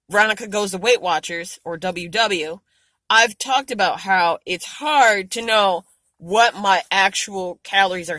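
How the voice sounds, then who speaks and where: A woman vlogger venting frankly to camera, swearing a lot and growing animated and exasperated. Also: no room sound, low-quality recording. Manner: frank, heavily profane venting; animated, rising to high exasperation. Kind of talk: casual vlog rant to camera.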